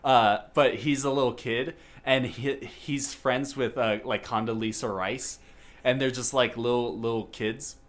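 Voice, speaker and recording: A man's voice: mid-range voice, steady tone, measured pace. A man hosting a podcast, chatting casually about a movie with many fillers and restarts. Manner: rambling, lots of fillers and restarts. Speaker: podcast host.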